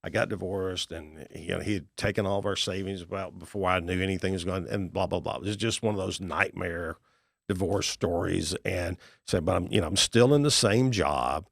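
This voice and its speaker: Gravelly low-voiced man telling stories. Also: moderate pace, no room sound, studio quality. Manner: folksy, animated storyteller acting out dialogue. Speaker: guest, real estate investor and author. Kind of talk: storytelling in a podcast interview.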